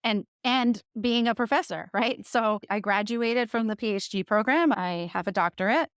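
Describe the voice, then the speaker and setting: A woman in her thirties from the Jersey Shore, a podcast guest candidly telling her own story with lively laughter. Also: on the high side, normal speed, smooth, no echo, studio quality. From Jersey Shore, USA.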